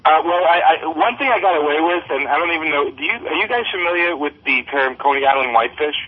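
A man with a husky, slightly breathy voice tells bawdy stories with a laugh in his voice. His voice comes through dull and lo-fi, like a phone line. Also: a little high, animated, fast. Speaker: comic book writer guest. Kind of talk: casual podcast chat.

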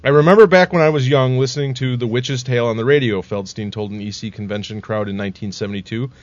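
A man reads a prepared history aloud to his podcast co-hosts. His voice sits at a middle pitch and keeps an even, steady read. The sound is dull and lo-fi. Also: fast talker, no room sound. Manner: reads steadily, laughs at own slips. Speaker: podcast co-host reading history. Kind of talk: reading a script aloud in a casual podcast.

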